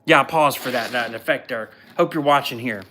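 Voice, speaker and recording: Male podcast host, blunt and mocking, animated casual storyteller. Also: mid-range voice, normal speed, slight background noise. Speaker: podcast host recapping a show. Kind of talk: casual live recap.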